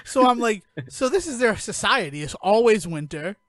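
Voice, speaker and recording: High-voiced man rambling about a movie. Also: moderate pace, no echo. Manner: rambling, animated retelling with acted quotes. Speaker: podcast co-host. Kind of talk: casual movie review chat.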